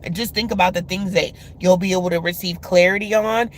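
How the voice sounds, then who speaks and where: A woman's voice: on the low side, fairly even intonation, a little fast, slight background noise. Woman host for a casual spiritual love reading, chatty, filler-heavy, addresses viewers directly. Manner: chatty, many filler words.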